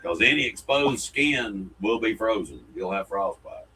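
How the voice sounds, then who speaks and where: A man's voice: lowish voice, expressive, a little slow, sharp tone, slight background noise, poor audio. A man, co-hosting a casual podcast and reading fan mail in a folksy, jokey way. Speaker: co-host.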